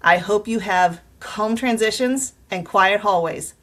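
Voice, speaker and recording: A woman teacher speaking to fellow teachers in a casual advice vlog. Her delivery is upbeat and encouraging, and she speaks at an easy, mid-pitched conversational level. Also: a little slow, a bit bright. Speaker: middle school teacher.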